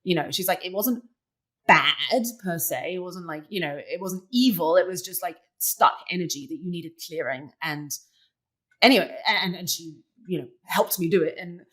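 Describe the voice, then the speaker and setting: Young woman, lowish voice, casual storyteller, filler-heavy conversational guest. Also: moderate pace. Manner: chatty, many "like" fillers, animated retelling. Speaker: interview guest, poker player.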